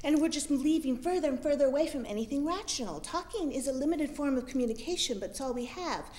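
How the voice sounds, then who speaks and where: Woman, from utah, high-pitched, wry, dry humor, live story reading. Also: expressive, quick pace, a little mellow. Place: comedy club stage.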